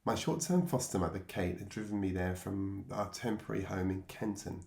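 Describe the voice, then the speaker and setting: A man's voice: sits low, a little fast, vocal fry, a little mellow, echoey room. An English man, middle-aged, telling his own life story in a reflective, wry way and chuckling at himself. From England. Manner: reflective, wry, laughs at himself, acts out voices from memory. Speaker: memoir narrator. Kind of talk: personal storytelling.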